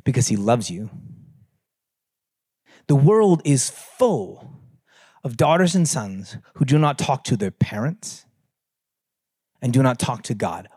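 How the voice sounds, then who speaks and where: A man's voice: mid-range voice, a little mellow, breathy edge. A man speaking at a conference in a conversational, humorous way, addressing the audience directly. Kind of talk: storytelling talk on prayer.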